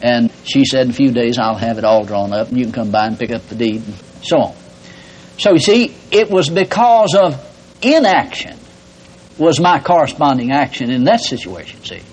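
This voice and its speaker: Husky-voiced man preaching folksy sermon. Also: mid-range voice, big pitch swings, normal speed, low-quality recording. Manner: folksy storytelling, often adds "see". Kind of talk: sermon teaching.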